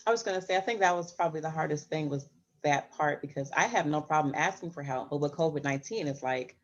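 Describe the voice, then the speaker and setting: A woman in a casual chat, speaking quickly and candidly. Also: low-pitched. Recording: dull lo-fi call audio.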